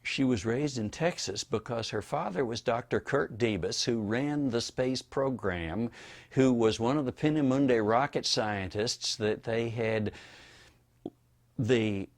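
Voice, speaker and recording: An older man from Florida being interviewed for an oral history, telling wry anecdotes in a relaxed storytelling manner. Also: medium pitch, measured pace.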